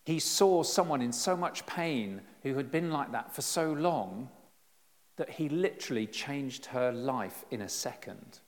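A middle-aged man preaches a sermon in a relaxed, conversational way, lively and quick to poke fun at himself. His voice sits at an ordinary pitch. It carries a long reverb from the church around him. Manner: conversational and lively, with self-deprecating humor.

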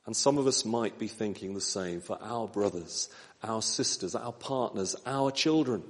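A man preaching a sermon in a gentle, measured way, slowing down with pauses for emphasis. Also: on the low side. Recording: long church reverb.

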